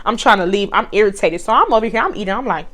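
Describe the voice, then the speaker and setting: A woman, telling a blunt, profane, animated story to her vlog viewers. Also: medium pitch, very fast. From Texas. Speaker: vlogger.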